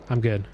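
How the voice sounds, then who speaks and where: Boastful, excitable male streamer. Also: highs cut off, slight background noise. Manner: boastful, swears freely, excitable outbursts. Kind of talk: casual livestream chat while gaming.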